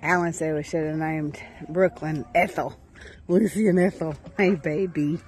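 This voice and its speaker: Low-pitched and darkish, this woman's voice stays steady at a measured pace. Recording on her phone outside, she talks affectionately to her farm animals in baby talk and addresses her viewers, with clucking chickens, roosters, and faint outdoor noise behind her.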